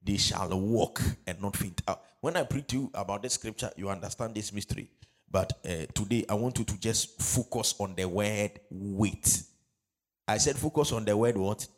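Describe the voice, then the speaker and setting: Man, low-ish voice, pastor preaching call-and-response style, loud and drawn out on key words. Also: moderate pace. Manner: call-and-response, repeating phrases, building to loud emphatic preaching. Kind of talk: sermon.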